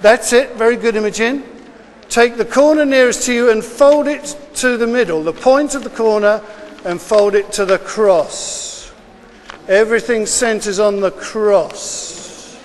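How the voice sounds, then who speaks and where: A man teaches a class of children, talking them through each step and repeating himself in a brisk, encouraging way. His voice sits very high, and he speaks slowly and deliberately. The sound carries a long, hall-like reverb. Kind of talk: classroom instruction.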